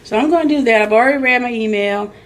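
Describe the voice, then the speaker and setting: A school librarian talks quickly in a slightly high voice, vlogging into a handheld phone camera. She's chatty and rambling, interrupting herself as she goes.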